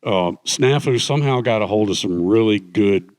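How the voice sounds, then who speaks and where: A middle-aged man telling anecdotes in a relaxed conversational way, animatedly acting out the voices of people he quotes. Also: lowish voice, moderate pace, no echo. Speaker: guest speaker, author. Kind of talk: conversational storytelling.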